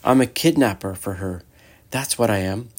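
A man's voice: on the low side, moderate pace, close to an everyday voice. A man voicing a sorrowful, guilt-ridden male faun who sobs and pleads. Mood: remorseful. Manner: sobbing, tearful, pleading.

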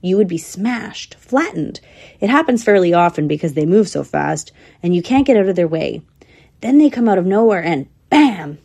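A woman's voice: on the low side, expressive, moderate pace, vocal fry, darkish tone. A woman voicing a young female squirrel telling her story in a matter-of-fact, thoughtful way. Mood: earnest.

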